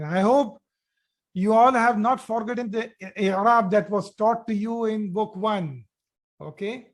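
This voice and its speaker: A man teaching a grammar class online, repeating each phrase and praising students' answers. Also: sits high. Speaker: Arabic teacher.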